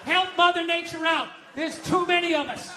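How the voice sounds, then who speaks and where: A man doing a stand-up comedy set, profane and ranting, often yelling his punchlines. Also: extremely high pitch, moderate pace, a faint crowd, slight background noise. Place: stage before a live audience.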